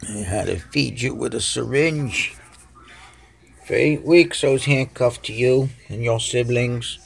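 A man with a mid-range, gravelly voice speaks slowly as he coos lovingly at his cats. He's filming them with his phone camera indoors for a casual home video.

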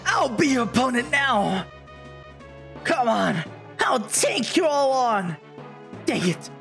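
A man's voice: very high-pitched, very animated, takes it slowly, creaky, fairly bright tone, faint music behind, voice pushed down, full character voice. A man voicing a cheerful, boastful heroic plumber with bold, gung-ho exclamations. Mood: heroic, bossy.

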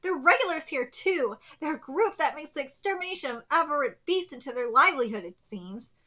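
A woman reading out the lines of a laid-back male geezer musing in a manga café scene, calm and low. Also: brisk.

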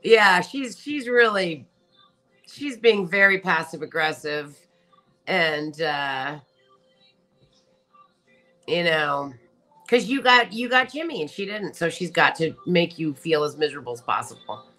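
A woman hosting a casual livestream, chatting warmly and reading viewer comments aloud with frequent laughter. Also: lowish voice, very animated, measured pace, long pauses, faint music behind. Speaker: livestream host.

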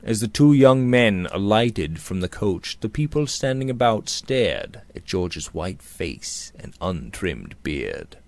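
Measured male audiobook narrator. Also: on the low side, very animated, creaky. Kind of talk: reading a Victorian serial novel aloud.

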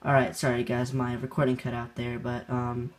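Young male gamer narrating his own match, loose and rambling, chuckles a lot, middle-pitched everyday voice. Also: completely flat delivery, moderate pace, faint music behind. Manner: rambling, laughing, many fillers and restarts. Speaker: gaming channel host. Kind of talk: casual gameplay commentary.

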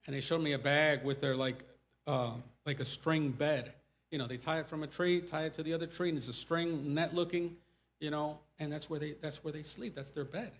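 A man's voice: fairly high pitch, steady tone, fairly quick. Chatty missionary man telling stories. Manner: loose storytelling with many fillers and restarts. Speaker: missionary speaker. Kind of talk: church testimony talk.

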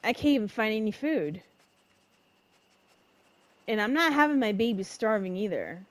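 Young woman doing let's play commentary, super animated, slangy and dramatic, dry mic, faint game music behind. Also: mid-range voice, normal speed, no echo. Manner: emotional, reacts loudly and dramatically; casual slang. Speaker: gamer.

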